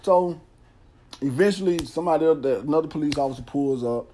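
A man hosts his podcast and tells a long personal story in a loose, candid way, repeating phrases and swearing freely. His voice is mellow and dark-toned. A faint noise sits under the recording. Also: a little high, fast talker. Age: adult, father of a son. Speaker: podcast host. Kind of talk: casual storytelling. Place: Nashville area.

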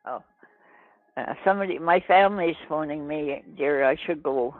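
A man's voice: fairly high pitch, normal speed, no room sound. A man on the phone, polite but growing exasperated. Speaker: caller on the phone. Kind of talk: phone call. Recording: tinny phone line.

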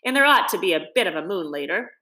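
A woman voicing a good-natured, practical male water rat in a storybook reading, brisk and coaxing. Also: on the low side, big pitch swings, sharp tone. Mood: brisk, kindly.

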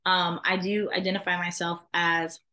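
Bright-voiced chatty woman co-host. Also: lowish voice, flat delivery, moderate pace. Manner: chatty, laughing, warm-hearted rambling. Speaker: podcast co-host. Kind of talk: casual self-introduction.

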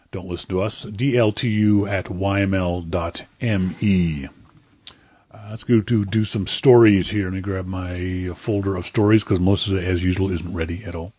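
A man's voice: lowish voice, steady tone, moderate pace, darkish tone, husky, no room sound. A man co-hosting a casual comedic podcast, blunt and profane, ranting grumpily. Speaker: podcast co-host.

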